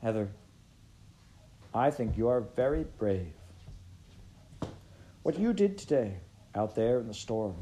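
A woman voicing a prim, gentle father rabbit. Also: medium pitch, animated, slow pace, pauses often, slight background noise, rough recording. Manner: formal, gentle and reassuring.

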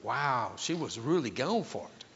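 A man's voice: on the high side, lively intonation, unhurried, a bit bright, a little hiss or hum. A man preaching a sermon, leading the congregation to repeat phrases back to him. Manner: leads the congregation in call-and-response. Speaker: pastor. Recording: echoey hall, dull sound.

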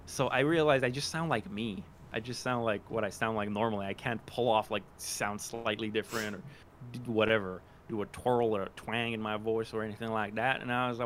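A man's voice: fairly low pitch, steady tone, brisk, a bit bright, a little hiss or hum. A man talking casually as an interview guest about voice acting, rambling and self-deprecating, with many restarts and fillers. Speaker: podcast guest, aspiring voice actor.

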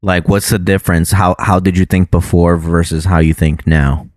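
A man's voice: low-pitched, level tone, normal speed, darkish tone, no room sound, studio quality. A man in casual podcast chat who teases his friend and fills his talk with "like". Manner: teasing, filler-heavy with frequent "like".

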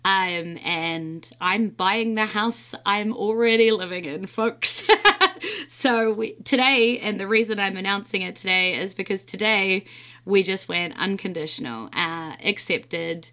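Bright-voiced young New Zealand woman. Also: mid-range voice, measured pace. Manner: chatty and candid, often laughing. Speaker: podcast host. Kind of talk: casual podcast monologue.

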